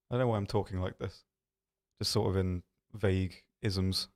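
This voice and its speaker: A man's voice: deep voice, steady tone, moderate pace, darkish tone. Rambling man hosting a game stream. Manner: rambling, self-deprecating, lots of ums and restarts. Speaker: stream host. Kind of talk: casual livestream chat reading viewer questions. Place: office.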